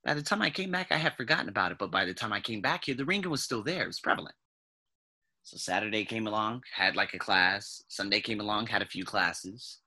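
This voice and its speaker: A man with a piercing, tense and very bright voice and a husky edge tells a personal story to the camera. He speaks casually and with animation, swears freely, and now and then imitates sounds. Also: on the low side, a little fast. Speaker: vlogger.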